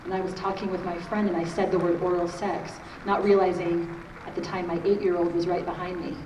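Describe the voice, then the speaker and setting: A woman's voice: on the low side, little pitch movement, a little fast. A middle-aged woman giving a conversational conference talk on parenting, often checking in with her audience by asking "okay?". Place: large conference hall. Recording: echoey hall, distant mic, faint noise.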